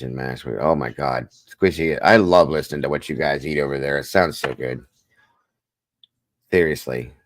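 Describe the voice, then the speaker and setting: Very deep-voiced man hosting a casual livestream. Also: no echo. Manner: chatty, greets and thanks viewers by name; relaxed, rambling, reads chat aloud. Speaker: livestream host.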